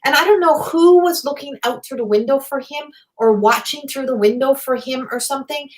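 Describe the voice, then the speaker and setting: Excitable high-voiced woman medium. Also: fairly quick. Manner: rambling, excitable, swears freely. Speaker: psychic medium. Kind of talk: live channeled reading.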